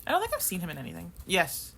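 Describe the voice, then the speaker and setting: Woman cohost chatting on a podcast, giggly and animated, voice sits low but swings around a lot. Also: very fast, gravelly, slightly rough. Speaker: podcast co-host. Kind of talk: casual chat.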